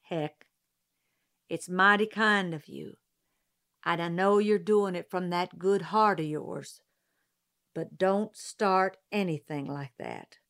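A woman giving voice to a steady, principled small-town lawyer and father in a slow audiobook reading. He speaks calmly but firmly, earnest and unbending, in a low, unhurried voice. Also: clean tone. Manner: calm, firm and earnest.

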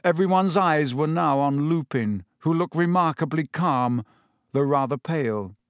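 A man giving an expressive, deliberate audiobook narration. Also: on the high side, no echo, studio quality.

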